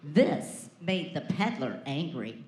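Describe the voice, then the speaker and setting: Expressive woman reading a storybook. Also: sits low, noisy background. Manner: expressive storytelling with dramatic pauses. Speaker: preschool teacher. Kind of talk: reading a picture book aloud. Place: preschool classroom. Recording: echoey classroom.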